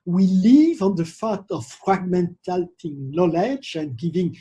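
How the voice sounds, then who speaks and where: A man lecturing on theology at a university, speaking in a measured, professorial way with pauses between phrases. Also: sits high, lively intonation, warm tone, slightly rough.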